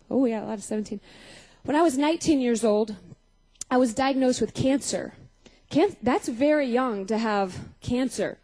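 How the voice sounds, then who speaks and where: A woman's voice: high voice, warm tone, poor audio. A young woman giving a personal testimony sermon, telling stories, acting out scenes and putting questions to her audience. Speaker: speaker at a Christian youth gathering.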